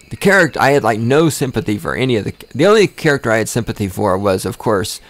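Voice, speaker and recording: A man's voice: medium pitch, sing-song, fairly quick. A man hosting a podcast, ranting casually with lots of swearing and sarcasm, often repeating words and restarting sentences when worked up. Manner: sarcastic, swears often, mocks with exaggerated voices. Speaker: podcast host. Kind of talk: casual profane rant.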